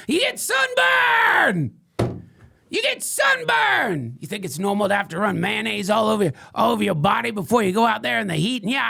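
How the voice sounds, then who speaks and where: A man's voice: medium pitch, creaky, slightly rough, no room sound, studio quality, exaggerated voice. A man voicing an unhinged male conspiracy crank who rambles through a crude, mock-solemn tirade in a comedic character monologue.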